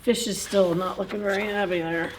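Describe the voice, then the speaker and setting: A woman's voice: medium pitch, fairly even intonation, fairly quick, slight background noise. A woman librarian reading a picture book aloud at a children's story time, in a playful, chatty way, chuckling and asking the kids questions.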